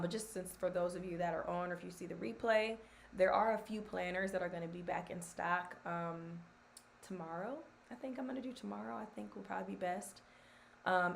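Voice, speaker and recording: A woman's voice: on the low side, gravelly, a little hiss or hum. A woman hosting a casual live stream, chatty and encouraging. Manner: chatty, filler-heavy, encouraging. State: scratchy voice from allergies.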